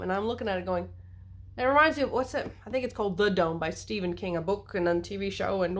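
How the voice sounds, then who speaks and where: A woman vlogging a casual monologue to camera, playful and animated, wandering into asides and acting out little quotes. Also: mid-range voice, fast. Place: lives in the United States.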